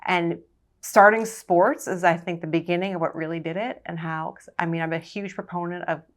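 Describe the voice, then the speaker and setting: A woman's voice: lowish voice, steady tone, brisk. Confident woman guest telling her story. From Long Island, New York. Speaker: guest, surgeon. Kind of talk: casual interview storytelling.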